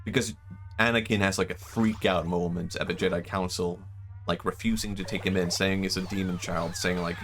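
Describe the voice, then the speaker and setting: A young man streaming a game, musing in a loose, excitable way and swearing now and then. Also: sits low, brisk, soft background music. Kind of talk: casual gaming stream commentary.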